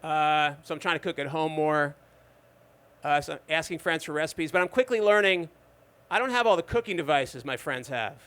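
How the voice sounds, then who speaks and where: A fifty-year-old man does stand-up at a live open mic in a bar. His voice sits a little high and comes through clean and smooth. He tells his stories in a dry, conversational way and keeps checking in with the crowd. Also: moderate pace, a bit bright. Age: 50s. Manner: dry, conversational storytelling with asides to the audience. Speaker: stand-up comedian. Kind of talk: stand-up comedy set.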